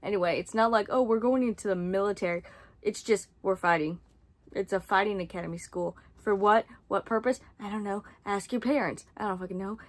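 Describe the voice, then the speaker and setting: A woman's voice: medium pitch, a little fast. A young adult woman reviewing a book series in casual chat, sarcastic and rambling, with frequent swearing and asides.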